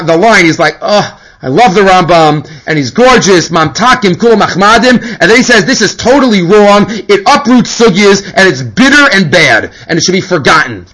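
A man giving a Torah lesson, moving quickly between Hebrew quotes and his own explanations in an animated way. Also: sits high, low-quality recording. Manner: animated, mixes Hebrew and English. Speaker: Torah teacher. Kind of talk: Talmudic lecture.

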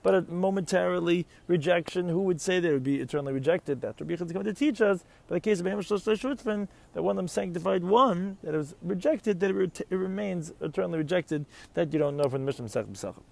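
A man's voice: sits high, fast talker, vocal fry, few pauses, a little mellow. A man giving a Talmud lecture, reading Aramaic phrases and explaining each one in English, often posing questions to his listeners. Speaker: Talmud teacher.

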